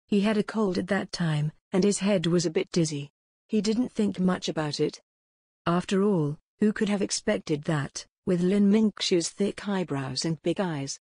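A woman narrating an audiobook in an even storybook reading. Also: on the low side, measured pace, slightly rough, dry recording, studio quality. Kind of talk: scripted narration.

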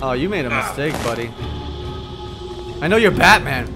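A young man doing let's play commentary, excitable and swearing, yelling at the game. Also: medium pitch, moderate pace. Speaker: gaming YouTuber. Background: loud game music and fight sounds.

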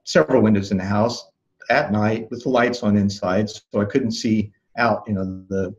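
A man being interviewed as a life coach, recounting a memory in a calm, thoughtful way with soft laughs and restarts. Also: lowish voice, moderate pace, dull audio. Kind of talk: reflective interview storytelling.

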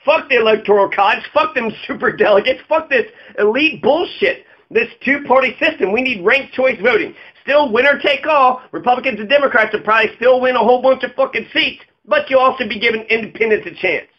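A man's voice: very high voice, a little fast, hardly any pauses, dull audio. A man delivering a heated, profane political rant, full of sarcastic mocking asides. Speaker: political commentator. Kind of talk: ranting video monologue.

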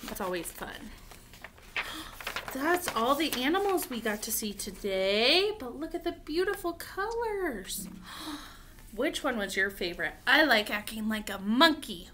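Young woman doing kids story time, high voice, super bouncy sing-song, coaxing the little ones. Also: unhurried, slight background noise. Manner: animated, sing-song, coaxing children to join in. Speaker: preschool teacher.

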